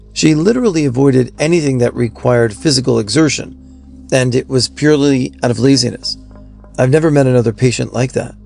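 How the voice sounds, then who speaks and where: A man reading out forum stories in an even, steady scripted narration. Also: mid-range voice, creaky.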